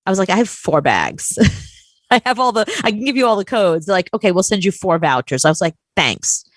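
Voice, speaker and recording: A woman co-hosting a chat show, telling a story in an animated, exasperated way and acting out quotes. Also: mid-range voice, a little fast, no echo. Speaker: podcast co-host.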